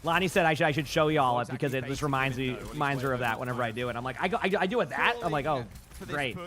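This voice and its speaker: Live on stream, a man with a mid-range voice calls a pro esports match at speed, his reactions delivered in auctioneer-like patter.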